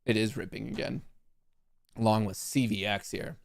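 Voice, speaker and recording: Guy doing live stock market talk, kinda gravelly, joking around and rambling, dry room. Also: fairly low pitch, normal speed, no echo. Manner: joking, rambling, self-mocking. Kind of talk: live-stream market commentary.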